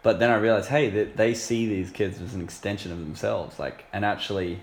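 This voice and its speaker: Deep gravelly guy cracking jokes on a chat show, faint hiss. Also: steady tone, fairly quick. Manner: easygoing, joking. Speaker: podcast co-host. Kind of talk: casual chat.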